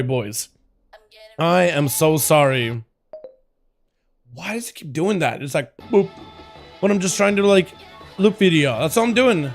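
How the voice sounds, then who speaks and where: A man with a hoarse, scratchy voice, hosting a live game stream, chatting with viewers and calling matches play-by-play. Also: on the high side. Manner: friendly, addresses chat as boys.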